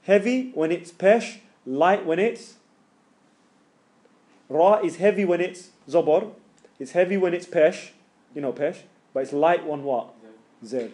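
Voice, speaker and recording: A man's voice: a little high, unhurried, long pauses, a little mellow. A man teaching Quran recitation to a class, casually, with slang, repeating each letter sound to demonstrate it. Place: classroom with students.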